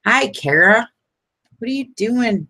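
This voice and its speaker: A woman's voice: a little high, animated, slow pace, sharp tone, dry recording. A middle-aged woman chatting casually as she makes crafts, rambling, laughing often and poking fun at herself. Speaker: craft vlogger. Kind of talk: casual chat while crafting.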